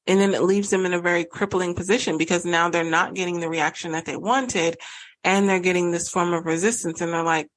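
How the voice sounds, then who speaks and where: A woman in her thirties hosts a solo podcast in a slightly low voice. She explains in an earnest, conversational way. She voices both partners in an argument as she talks. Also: steady tone, a little fast, rough recording. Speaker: podcast host and relationship coach.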